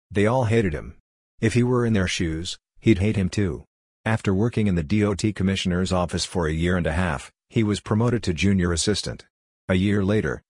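A man narrating an audiobook story in an even, measured reading. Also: deep voice, breathy edge, dry recording, studio quality.

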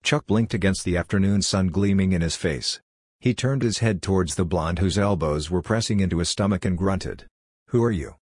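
A man narrating an audiobook story in an even, measured reading. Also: low-pitched, breathy edge, dry recording, studio quality.

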